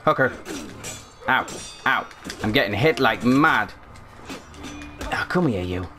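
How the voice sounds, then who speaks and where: A man's voice: medium pitch, animated, takes it slowly, music in the background. A man giving chatty, flustered commentary as he plays a video game at home, often apologizing. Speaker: let's play host. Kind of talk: casual gaming commentary. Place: at home with a barking dog.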